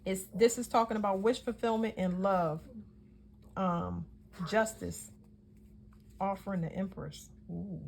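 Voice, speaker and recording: A woman's voice: medium pitch, steady tone, unhurried, gravelly, pauses often, darkish tone, a little hiss or hum. A woman giving a casual tarot reading, talking in a chatty, emphatic way and often correcting herself mid-sentence. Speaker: tarot reader.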